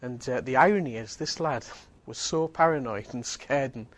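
Delivering a sermon at normal speed, a man speaks in a medium-pitched, ordinary voice. His tone is earnest and emphatic, and he pounds his message in through repetition.

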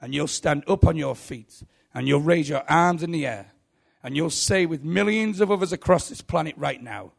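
A man's voice: on the high side, normal speed, vocal fry. A man preaching a sermon with emphatic, rhythmic repetition.

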